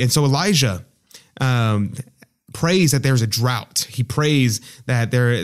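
A man hosting a podcast who retells a scripture story in a casual, rambling way, with frequent fillers and restarts. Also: medium pitch. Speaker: podcast host.

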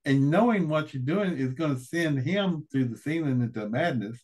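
A man's voice: on the high side, animated, normal speed, darkish tone, breathy edge, pitched above the performer's own voice. A man doing an incredulous naval intelligence chief. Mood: amazed. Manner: emphatic, incredulous. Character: astonished male naval intelligence officer.

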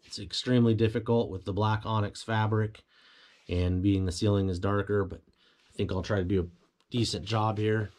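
A man's voice: lowish voice, fairly even intonation, normal speed, a little mellow. A man giving a casual walkthrough of a home theater build, explaining things plainly with fillers and self-corrections. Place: home theater room, indoors.

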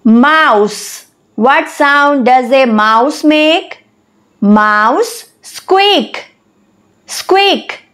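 A woman speaks to young kids in a high, drawn-out, very slow voice, deliberate as a lesson narration. Now and then she pauses to spell a word out letter by letter. Her tone is animated and a bit bright.

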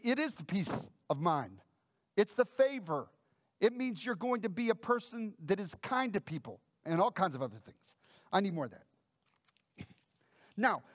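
Male pastor, high voice, conversational sermon with asides, dry close recording. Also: dry recording. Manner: conversational preaching with frequent "folks" and "okay?" asides; reads Bible verses aloud and explains them.

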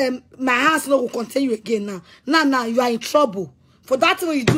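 A woman with a Nigerian accent rants in a high, piercing voice. She is heated and threatening and circles back to the same lines again and again. A faint noise sits under her voice. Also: lively intonation, moderate pace. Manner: heated, threatening, repeats herself. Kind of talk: angry rant to camera.

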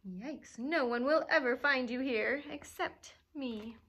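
A woman's voice: high voice, slow, a bit bright, breathy edge, full character voice. A woman doing a gleeful wicked old witch. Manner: gleeful, mocking.

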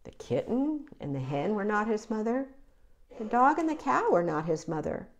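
A woman reading a children's picture book aloud, with an expressive, animated delivery. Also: mid-range voice, moderate pace, dull audio. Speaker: children's story reader. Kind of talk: read-aloud storytelling.

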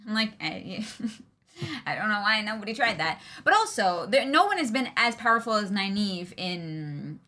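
A woman's voice: medium pitch, sing-song, moderate pace, bright, forceful tone. A woman co-hosting a casual livestream book chat, chatty and full of "like". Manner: chatty, heavy use of "like". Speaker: podcast co-host.

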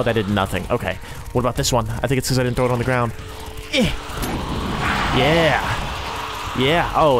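A man's voice: medium pitch, very noisy. A young man narrating his own game role-play in a sarcastic, self-mocking running commentary. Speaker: role-play gaming creator.

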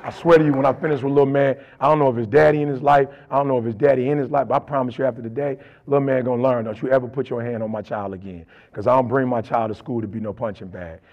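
A man's voice: mid-range voice, gravelly, muffled recording. A middle-aged man and motivational speaker, telling stories in a colloquial, emphatic way. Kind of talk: storytelling motivational talk.

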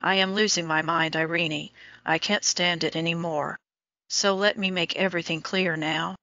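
Woman reading as a lovesick young man, urgent and pleading, bright edge, dull lo-fi audio, audiobook. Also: fairly low pitch, steady tone, moderate pace, no echo.

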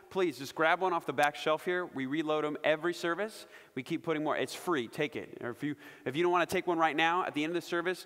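A man preaching a sermon from the front of a church, passionate and emphatic. His voice sits a bit high for a man and swells loud on his key points before dropping low and quiet. Long reverb from the hall trails behind every phrase. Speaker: pastor. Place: church sanctuary.

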